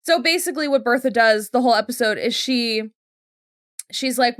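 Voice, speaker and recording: A woman's voice: a little high, moderate pace, a bit bright, no echo, studio quality. A young adult woman co-hosting a show recap, chatting casually and retelling scenes with quoted voices. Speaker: podcast co-host.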